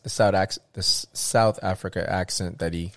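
A man's voice: sits low, steady tone, moderate pace, no echo. A man from the United States talking animatedly in a casual conversation, often restarting his sentences and acting out what others said.

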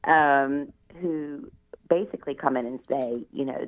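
A middle-aged woman speaks with a rumbling, low voice at an unhurried pace. She's a guest on a radio interview, chatting through her life story and sprinkling in plenty of "you know" asides. The sound comes through a tinny phone line on air.

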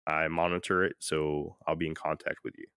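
A man's voice: a bass voice, little pitch movement, fairly quick, fairly bright tone, clean tone, dry recording, studio quality. A man hosting a podcast in casual chat, rambling and often laughing. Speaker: podcast host.

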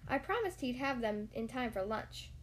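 A woman's voice: a little high, animated, normal speed, slight background noise, close to an everyday voice. A woman voicing a fussy, bossy male rabbit who grumbles, in a storybook reading. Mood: grumbling.

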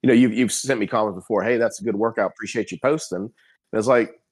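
A middle-aged man with a lowish voice talks loosely as a podcast guest. He rambles and restarts often, coming through on a remote call. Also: fairly even intonation, fast talker. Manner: rambling, many restarts and "you know". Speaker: guest firefighter captain. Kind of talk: casual podcast chat.

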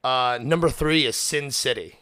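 A man's voice: medium pitch, normal speed, sharp tone, clean tone, no echo, clean studio sound. A young man hosting a podcast, chatting casually and animatedly, swearing often and acting out quotes. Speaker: podcast host. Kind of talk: casual chat.

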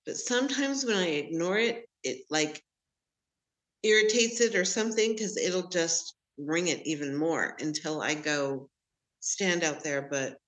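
A woman with a lowish voice recounts her story slowly and openly. She takes her time and lets the odd laugh slip in as she talks with an interviewer over a remote connection. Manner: candid, unhurried storytelling with laughs. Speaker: podcast guest, medium.

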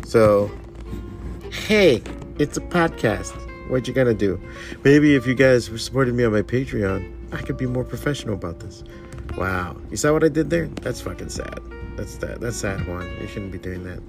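A man's voice: medium pitch, normal speed, creaky, music in the background. A man hosting a podcast in casual, profane chat, laughing often and telling stories with animation. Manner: laughs often, swears freely, animated storytelling. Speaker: podcast host.

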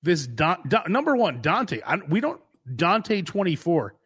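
A man co-hosting a loose comedy chat show, his pitch swinging widely as he spins a story. He acts out every line of dialogue, laughs often, and his voice sits a little high. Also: big pitch swings, a little slow, a bit bright, breathy edge. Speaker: podcast host.

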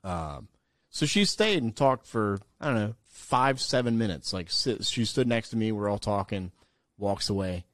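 A man's voice: on the low side, animated, normal speed, a bit bright, dry recording. A man co-hosting a podcast, telling a long casual anecdote with lots of fillers and some swearing. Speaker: podcast co-host and former radio DJ. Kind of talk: casual chat, storytelling.

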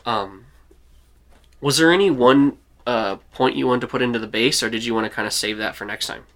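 Bright-voiced young male game master. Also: mid-range voice, fairly quick. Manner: relaxed, many fillers and restarts. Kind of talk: narrating a tabletop game.

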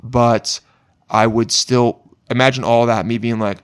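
A young man hosting a podcast, relaxed and teasing as he chats. He swears freely, and his voice sits at an ordinary mid pitch. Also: moderate pace, clean tone. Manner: laid-back, teasing, swears often. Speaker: podcast host. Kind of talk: casual chat.

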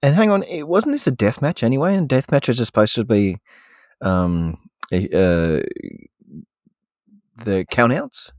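A man's voice: medium pitch, animated, a little slow, pauses often, darkish tone, no echo, clean studio sound. A man co-hosting a podcast in casual chat, speaking hesitantly with many restarts. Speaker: podcast co-host.

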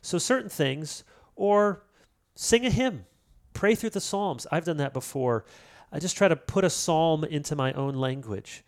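A man as an interview guest, talking about prayer in a lively storytelling way and acting out quoted lines. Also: on the high side, unhurried. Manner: animated storyteller, acts out quotes. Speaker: author and pastor guest. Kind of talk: casual interview talk.

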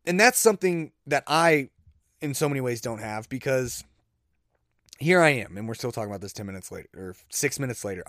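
A man's voice: mid-range voice, dry recording. Chatty man, dry close podcast voice. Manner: rambling, self-deprecating, jumps to exasperated disbelief. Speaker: podcast host. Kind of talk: casual solo podcast chat.

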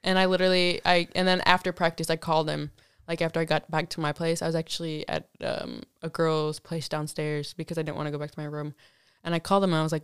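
A woman's voice: low-pitched, fairly even intonation, fast talker, clean tone, no room sound, clean studio sound. A young woman telling a college story in casual chat, swearing often and full of fillers. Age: young adult.

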